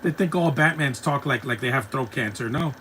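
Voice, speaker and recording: A man's voice: medium pitch, fairly quick, a bit bright, a little hiss or hum, low-quality recording. A man hosting a live stream, chatting casually and rambling as he reacts to a cartoon and answers his chat. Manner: chatty, rambling, laughs easily, talks back to chat.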